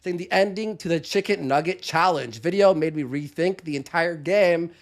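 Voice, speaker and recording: A man's voice: on the high side, normal speed. A man co-hosting a live stream, reading out donation messages in a casual, joking way with laughs and fillers. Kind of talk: casual livestream chat.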